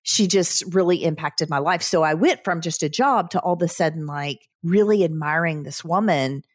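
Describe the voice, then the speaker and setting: Woman in her 50s, low voice, dry close sound, tells her story earnestly like she's reliving it. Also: moderate pace, no room sound. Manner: earnest, vivid recounting with quoted inner thoughts. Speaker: guest, credit union CEO. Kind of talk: personal storytelling in a podcast interview.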